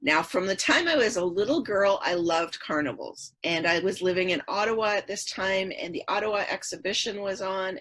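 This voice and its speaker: A woman's voice: mid-range voice, fairly bright tone. A middle-aged woman, a podcast guest, earnestly recounting her past in a repetitive storytelling rhythm. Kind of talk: personal story in interview.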